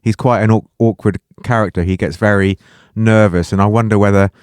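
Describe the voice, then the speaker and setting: A man's voice: on the low side, fairly even intonation, a little mellow, clean tone, dry recording, studio quality. A man co-hosting a podcast, thinking aloud about music and teasing his friends. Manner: reflective, teasing, drawn-out thoughts. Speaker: podcast co-host. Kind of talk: casual music discussion.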